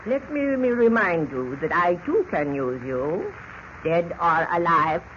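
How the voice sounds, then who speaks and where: A cold polite villain, stiff formal talk, highish voice, muffled hissy old radio. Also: male voice, animated, measured pace, pushed and bright. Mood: menacing. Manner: stiff, formal, precise speech. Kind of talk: 1940s radio acting. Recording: dull lo-fi old radio recording with hiss.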